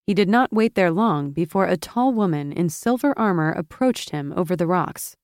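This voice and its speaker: A woman with a lowish voice reads scripted narration for a fantasy audiobook, measured and expressive in her storytelling. The recording is studio quality with no room sound.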